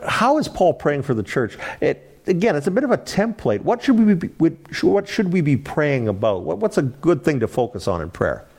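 Animated man teaching a Bible class. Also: fairly high pitch. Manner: animated, asks the class questions, laughs lightly. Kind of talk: interactive Bible class lecture.

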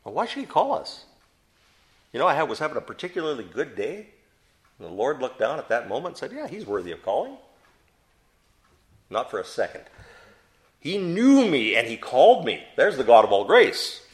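Animated man teaching a Bible study. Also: mid-range voice, normal speed, long pauses. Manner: asks the group questions and answers them himself; emphatic, stresses key words.

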